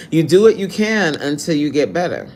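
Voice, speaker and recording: A man's voice: on the high side, very animated, moderate pace, darkish tone, a little hiss or hum. A man fitness coach on a live stream who reads out viewer comments in a blunt, sassy, scolding way.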